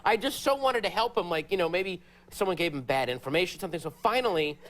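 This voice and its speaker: A man, a comedian guest on a late-night talk show, telling stories in an animated way and jumping into high, excited voices for the people he quotes. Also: fast talker. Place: TV studio before a live audience.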